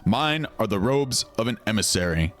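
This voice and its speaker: A man putting on a solemn low villain voice. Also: animated, a bit bright. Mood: ominous. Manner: low, slow, solemn delivery, self-admittedly weak villain voice. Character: ominous masked male villain emissary.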